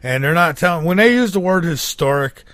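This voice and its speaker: A man's voice: fairly high pitch, animated, a little fast, a bit bright, dry recording, clean studio sound. A man in casual chat, talking emphatically with colorful phrasing.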